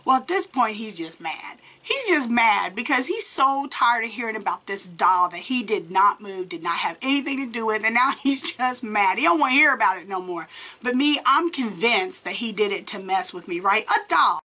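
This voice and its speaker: A woman's voice: a little high, moderate pace. A woman in her forties telling a true story casually, acting out the dialogue and laughing often. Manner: animated, acts out quoted dialogue, laughs often. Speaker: storytime vlogger.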